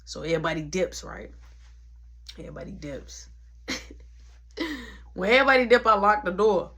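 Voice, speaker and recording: Woman telling a slangy, punchy story. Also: normal speed. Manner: animated, slangy, punchy with sound words like "boom". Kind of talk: casual storytelling.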